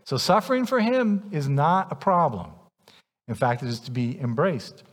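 A pastor with a higher-leaning voice and wide swings in pitch preaches at a normal speed in a church sanctuary. He's emphatic and challenges the congregation directly, and the hall's long reverb is clearly audible.

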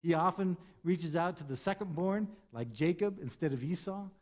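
A man preaching a sermon as pastor, moving from loud, stressed points to quiet, hushed lines and acting out the words of scripture figures. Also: a little high, moderate pace. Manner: impassioned, swings between loud emphasis and hushed tones.

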